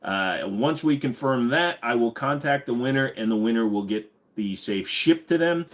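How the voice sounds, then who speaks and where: A man hosting a casual livestream, talking bluntly and crudely, his voice tiring and going hoarse. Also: mid-range voice, lively intonation, moderate pace. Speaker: livestream host.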